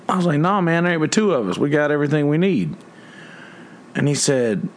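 A man's voice: a little high, very animated, normal speed, long pauses, slight background noise. Blunt, profane man telling a story. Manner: profane, blunt, quoting others in a raised voice. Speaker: musician in a two-piece band. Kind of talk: casual storytelling to viewers.

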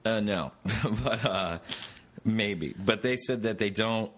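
A man's voice: on the low side, slow pace. A man hosting a podcast, telling stories in a casual, rambling way, full of tangents and swearing. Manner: rambling, profane, tangent-prone storytelling. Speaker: podcast host. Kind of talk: casual chat.

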